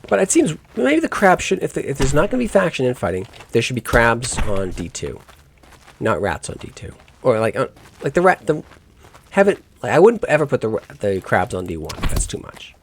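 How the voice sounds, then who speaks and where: A man's voice: medium pitch, huge pitch swings, fairly quick, vocal fry, a little hiss or hum. A man giving let's play commentary on a game, musing aloud in rambling asides and correcting himself as he goes. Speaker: gaming YouTuber.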